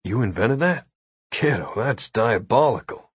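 A man voicing a skeptical, level-headed newcomer who asks dry, quick questions. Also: mid-range voice, expressive, breathy edge, no echo.

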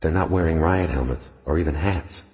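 A man reading an audiobook, voicing a tough, cool-headed woman police officer who speaks in a firm, measured, commanding way. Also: very deep voice, darkish tone, slightly rough, no echo. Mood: stern. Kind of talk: audiobook narration.

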